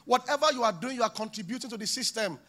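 A pastor preaches in church with a high, bright voice and a quick pace. He stays animated and lively throughout, slipping into small acted-out scenes and character voices.

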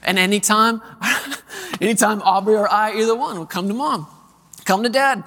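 A preacher in a big echoing hall. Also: male voice, sits high. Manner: animated storytelling with scripture reading, drawn-out emphasis on words. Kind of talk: sermon. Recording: long echo of a large hall.

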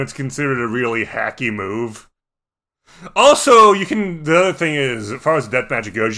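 A man's voice: mid-range voice, pushed and bright. A man in casual chat about a tabletop game, thinking aloud with lots of restarts. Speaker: tabletop game podcast co-host.

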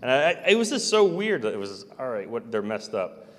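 A man telling a long personal story in a halting, rambling way, with many fillers and restarts. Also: mid-range voice, big pitch swings, fairly bright tone. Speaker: storyteller recounting personal experiences. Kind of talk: rambling first-person account. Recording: long hall reverb.

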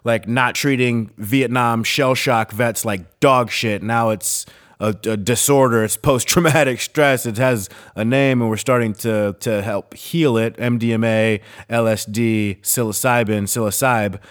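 A man hosting a casual podcast chat, blunt and profane, getting animated when riled up. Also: medium pitch, measured pace. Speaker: podcast host.

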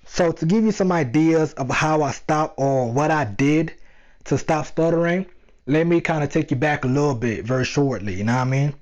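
A young man tells his story in a casual monologue, animated and full of slang as he talks straight to his listeners. His voice sits a little high. The recording sounds dull and lo-fi. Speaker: vlogger.

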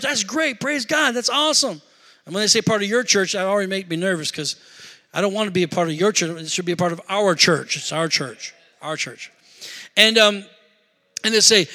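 A man's voice: sits high, animated, fairly quick, sharp tone, big-room sound. A middle-aged man preaching a sermon as pastor, emphatic, with call-and-response asides to the congregation.

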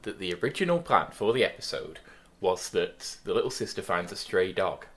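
A man's voice: deep voice, big pitch swings, moderate pace, fairly bright tone. A man co-hosting a podcast, giving opinionated critique of a sitcom in casual chat, often restarting his phrases. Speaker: podcast co-host.

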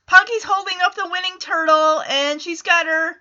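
A woman casually recapping a show in an excitable way, acting out the characters' lines as she goes. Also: extremely high pitch, normal speed. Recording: dull lo-fi recording.

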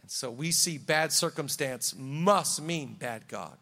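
A man's voice: fairly high pitch, animated, takes it slowly, sharp tone. A man preaching a sermon as pastor in a church, conversational and fervent by turns. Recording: reverberant hall.

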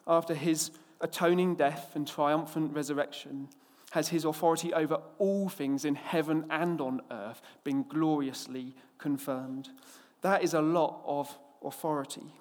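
A male preacher from England tells a lively anecdote, acting out its characters before moving into scripture. His voice sits a little high. It carries a long reverb, as if spoken in a large hall. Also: measured pace. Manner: storytelling, lively and expressive, acts out the characters. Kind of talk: sermon with an opening anecdote.

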